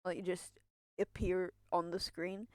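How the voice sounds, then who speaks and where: A young woman rambles to her live stream in a slow, unhurried drawl, yet she sounds nervous and a bit breathless, repeating herself and swearing along the way. Her voice is lowish with little pitch movement, recorded dry and close with no room sound.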